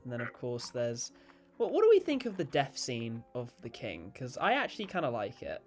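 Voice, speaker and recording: A man's voice: medium pitch, wildly swooping pitch, moderate pace, soft background music. A young man hosting a podcast, chatting casually about films, swearing and laughing often. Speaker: podcast host.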